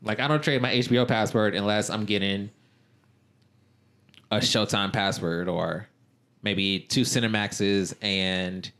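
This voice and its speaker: A man's voice: on the low side, fairly even intonation, unhurried, pauses often, fairly bright tone. A man co-hosting a podcast, teasing his friend dryly and reading out listener questions. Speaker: podcast co-host. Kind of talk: casual banter.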